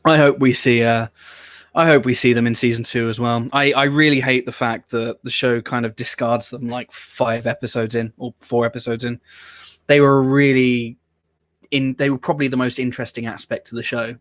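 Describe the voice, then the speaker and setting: Male host, mid pitch, loose rambling reaction chat with some swearing; dead dry close-mic sound. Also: level tone, moderate pace, fairly bright tone, no echo. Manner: rambling, opinionated, swears casually. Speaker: host of a watch-along show. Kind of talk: casual reaction commentary.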